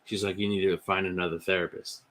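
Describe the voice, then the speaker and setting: Male podcast guest, low pitch, sharp bright tone, candid testimony. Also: level tone, fast. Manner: candid storytelling with many fillers. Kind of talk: personal testimony.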